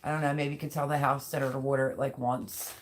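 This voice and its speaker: A woman hosting a live stream reads chat and talks straight to viewers in a casual, rambling way. Her voice rumbles low with a level tone, she speaks fast, and the background is noisy.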